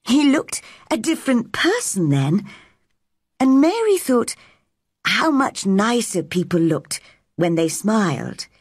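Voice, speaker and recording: A woman narrating a storybook slowly and carefully for English learners. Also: on the high side, sing-song, breathy edge, dry recording, studio quality.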